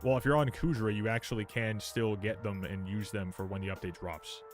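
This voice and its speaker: Young male game streamer, lowish voice, loose and profane, faint music underneath. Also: steady tone, brisk. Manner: swears freely, reacts loudly, reads patch notes aloud. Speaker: livestreamer. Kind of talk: casual live game stream.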